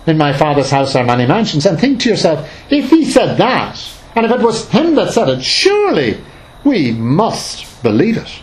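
A man's voice: on the high side, big pitch swings, normal speed, hardly any pauses, low-quality recording. A man leading an informal Bible study, reading scripture aloud and explaining it in a conversational, emphatic way with many fillers and restarts.

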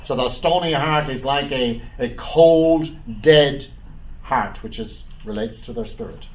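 A man preaching a Bible study, reading scripture aloud and commenting, with frequent "uh" and "um" pauses. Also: mid-range voice, darkish tone, far from the mic, low-quality recording. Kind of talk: bible teaching.

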